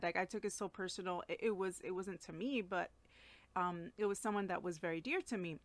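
A woman's voice: lowish voice, brisk, dry recording. A woman giving a casual, earnest devotional talk as a Christian teacher, speaking personally with many fillers and restarts.

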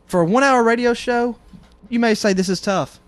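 A man's voice: very high voice, fairly quick, dry recording. A man co-hosting a casual comedic radio show, rambling through self-deprecating stories.

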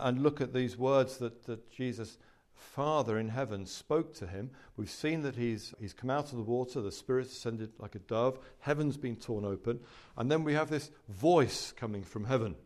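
A man's voice: mid-range voice, moderate pace, darkish tone. Man giving a Bible teaching talk. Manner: conversational, rhetorical questions, emphatic asides.

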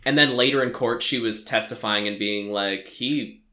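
A young man with a bright, forward voice who talks through a movie plot in a loose, rambling way, leaning on "like" and "um." He sounds like a casual podcast host. His voice rings back off the walls of an echoey room. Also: medium pitch, moderate pace. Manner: rambling, filler-heavy storytelling, frequent "like".

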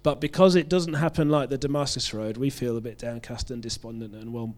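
A British man preaching a sermon to his congregation at a medium pitch. He keeps it chatty and self-deprecating, often stumbling and restarting phrases as he works through a passage. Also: steady tone, a little fast, a little mellow. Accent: British English. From United Kingdom.

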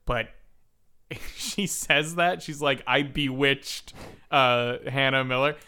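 A man's voice: medium pitch, slow, smooth. A man co-hosting a podcast, chatting casually about a horror movie, swearing a lot and acting out the characters' lines. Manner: swearing, animated, acts out characters. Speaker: podcast co-host. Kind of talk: casual movie recap chat.

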